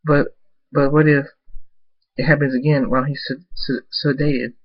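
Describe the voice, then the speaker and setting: A man's voice: mid-range voice, sing-song, measured pace, vocal fry, dull audio, full character voice. A man doing an anxious, caring girl pony. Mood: worried. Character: worried, caring female unicorn pony.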